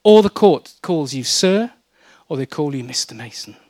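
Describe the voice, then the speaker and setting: A man's voice: on the high side, normal speed, dry recording. A middle-aged man from South Wales with a Welsh accent, preaching a sermon and telling stories with humor and mimicry. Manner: lively storytelling with mimicry and humor.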